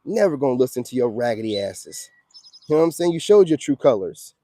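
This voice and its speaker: A self-styled spiritual coach delivers a ranting monologue to his viewers in a warm, mid-range voice with big pitch swings, talking fairly quickly with no room sound. He's blunt, confrontational, and preachy, using lots of slang and "you know what I'm saying."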